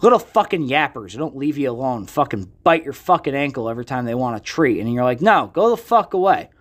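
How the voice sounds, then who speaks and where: A man's voice: medium pitch, lively intonation, fast. A young man hosting his own podcast, ranting casually and swearing a lot, self-deprecating and loose. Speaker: podcast host and magician. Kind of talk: casual solo podcast rant. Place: art gallery.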